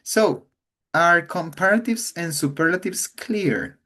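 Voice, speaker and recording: Man teaching English, unhurried and careful, repeats words so students hear them. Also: fairly high pitch, sharp tone. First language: Spanish. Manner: slow, patient, repeats words to model pronunciation. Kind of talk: online English class.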